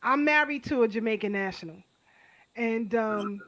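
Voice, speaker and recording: A woman's voice: a little high, normal speed, a bit bright, dull audio, slight background noise. A woman co-hosting a talk show, speaking emphatically and repeating herself for emphasis. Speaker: co-host. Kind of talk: casual chat.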